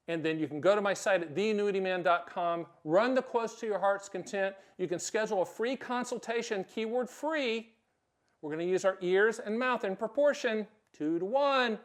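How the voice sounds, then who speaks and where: Blunt, punchy man with a high voice. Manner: blunt, punchy, emphatic with sudden loud bursts; acts out short quoted exchanges. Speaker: host. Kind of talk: direct-to-camera explainer.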